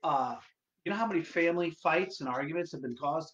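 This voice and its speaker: A man hosting a casual solo livestream, loud and profane, rambling to his viewers. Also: on the high side, animated, brisk. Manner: loud, profane, rambling, sings along to music. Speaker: livestream host. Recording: dull lo-fi stream audio.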